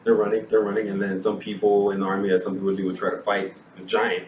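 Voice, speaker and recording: A man co-hosting a casual movie review podcast, retelling scenes in a lively way and acting out the characters' lines. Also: on the low side, fast. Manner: animated retelling, acts out quotes, laughs often. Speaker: podcast co-host. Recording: echoey room, distant mic, faint noise.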